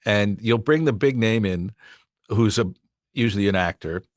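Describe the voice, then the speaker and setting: A man with a fairly low voice at normal speed, a voice actor guest on a casual podcast, rambles through anecdotes about his work, restarting sentences and acting out quotes. The sound is clean studio quality with no echo.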